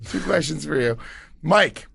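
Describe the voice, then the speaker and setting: A man's voice: on the high side, animated, takes it slowly, creaky, background noise. A man co-hosting a podcast, reading listener questions and ribbing the host in casual banter. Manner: laid-back, ribbing, reads questions aloud.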